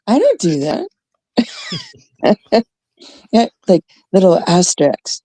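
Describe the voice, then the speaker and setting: A woman's voice: on the high side, unhurried, pauses often, no echo. A Canadian woman hosting a livestream, ranting bluntly and swearing as she chats with viewers. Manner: blunt, swearing, animated rants. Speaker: livestream host. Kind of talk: casual livestream chat.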